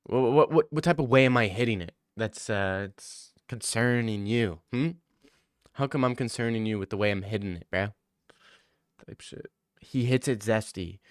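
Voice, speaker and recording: A man's voice: fairly low pitch, normal speed, clear, resonant tone, no echo, studio quality. A man in his twenties streaming, reading chat aloud and bantering and joking back at it in casual talk.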